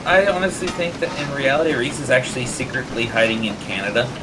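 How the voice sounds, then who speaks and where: A man's voice: mid-range voice, fairly even intonation, fast. Guy joking around on a stream, dry teasing banter, noisy background. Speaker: co-host. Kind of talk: casual live-stream banter.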